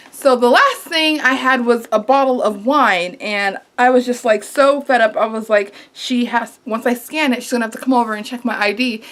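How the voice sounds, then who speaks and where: A woman vlogger telling a story in a casual, animated way, exasperated and acting out what was said. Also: fairly high pitch. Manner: animated, exasperated retelling with quoted asides.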